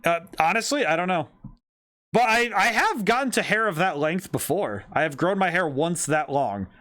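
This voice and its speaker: A man's voice: high voice, animated, moderate pace, a bit bright. A man giving casual, joking gameplay commentary as a streamer, self-deprecating and chatty.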